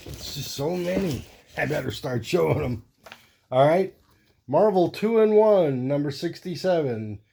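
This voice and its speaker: With a fairly high, gravelly, warm voice and a little hiss or hum in the background, a man hosts a casual comic collection show-and-tell. He speaks expressively at normal speed, rambling easily and thinking aloud while flipping through his comics one after another.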